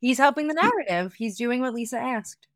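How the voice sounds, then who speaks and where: A woman with a higher-leaning, expressive voice talks a little fast as a podcast co-host doing a casual reality-TV recap. Her speech is peppered with "like" and she keeps circling back mid-thought, on a dry recording.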